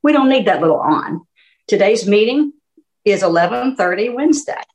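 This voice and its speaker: A woman's voice: medium pitch, moderate pace, low-quality recording. A woman giving a conversational talk on speaking skills, acting out little examples. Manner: conversational, animated, with little demonstrations. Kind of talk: workshop talk.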